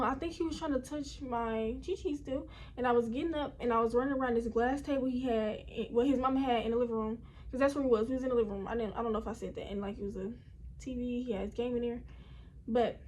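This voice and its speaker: A woman's voice: fairly high pitch, fast talker, darkish tone. A young woman telling a personal story at home in a casual, rambling way, often talking straight to her viewers. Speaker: vlogger. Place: indoors at home.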